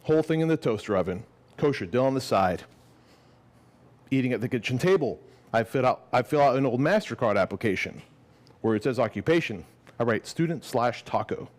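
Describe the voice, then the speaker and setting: A man reading his own fiction aloud to a live audience at a gallery event, expressive, then chatting casually and swearing. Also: medium pitch, brisk. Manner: lively and expressive, casual and swearing when speaking off the page.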